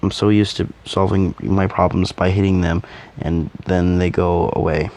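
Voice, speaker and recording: A man's voice: deep voice, fairly even intonation, moderate pace, darkish tone. A man voicing a blunt, hot-headed young male fighter who speaks earnestly and clumsily in a fan audio drama.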